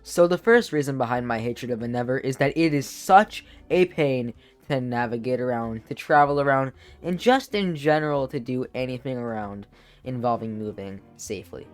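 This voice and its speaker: A man giving casual video-game commentary in an animated, exaggerated complaining manner. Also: mid-range voice, normal speed. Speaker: gaming YouTuber.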